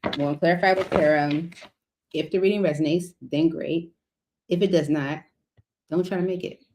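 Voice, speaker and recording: A woman's voice: sits low, steady tone, normal speed, background noise. A middle-aged woman giving a casual tarot reading, chatty and rambling with lots of fillers. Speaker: tarot reader.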